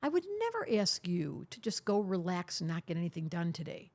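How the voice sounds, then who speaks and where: Lively, emphatic older woman astrologer. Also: on the low side, brisk, gravelly, hardly any pauses. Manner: emphatic, teasing, acts out quoted voices. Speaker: astrologer, guest. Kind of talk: podcast interview conversation.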